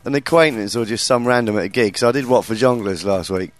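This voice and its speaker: Talking fast with faint music in the background, a man in his late thirties chats casually on the podcast he hosts as a comedian. He tells stories, swears freely, and imitates people in a high-pitched voice.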